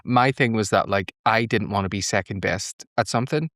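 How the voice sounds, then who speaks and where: A man's voice: on the low side, normal speed, fairly bright tone, no room sound, clean studio sound. A man co-hosting a podcast, joking and self-deprecating as he recaps an episode. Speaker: podcast co-host. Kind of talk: casual chat.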